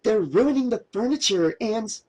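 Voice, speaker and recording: A man reading an audiobook, voicing a frightened teenage girl who pleads in high, panicky valley-girl talk full of "like". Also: lively intonation, moderate pace, a little mellow, slightly rough. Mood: urgent. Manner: pleading, panicky, says "like" a lot.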